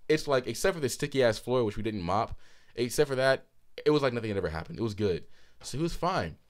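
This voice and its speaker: A man in his twenties co-hosting a podcast, telling a story animatedly with frequent laughter and swearing, a bit hoarse. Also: medium pitch, animated, quick pace. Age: 20s. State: hoarse throat. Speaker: podcast co-host. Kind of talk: casual chat.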